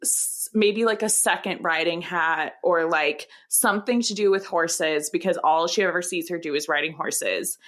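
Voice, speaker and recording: A woman's voice: lowish voice, normal speed, few pauses, fairly bright tone. A young woman co-hosting a podcast in casual chat, playful and laughing often as she acts out bits. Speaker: podcast co-host.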